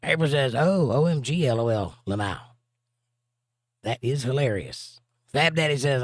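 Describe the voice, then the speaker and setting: A man's voice: mid-range voice, expressive, unhurried, no room sound. A middle-aged man hosts a livestream in a loose, joking way and reads out viewer comments between crude asides. His voice is recorded close and dry, with no room sound around it. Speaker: livestream host and musician. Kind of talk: casual chat, reading viewer comments aloud.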